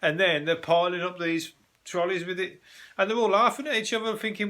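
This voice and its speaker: Bright-voiced sweary man riffing. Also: high voice, animated, normal speed. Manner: sweary, jokey rambling with frequent laughs. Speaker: podcast host. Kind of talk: casual solo news commentary.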